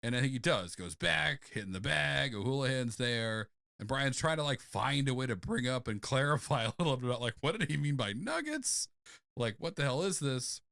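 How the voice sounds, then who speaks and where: A man's voice: medium pitch, sing-song, a little fast, gravelly, few pauses, pushed and bright, no room sound, clean studio sound. A man co-hosting a comedy podcast, brainstorming in a giggly, rambling, enthusiastic way. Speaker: podcast co-host.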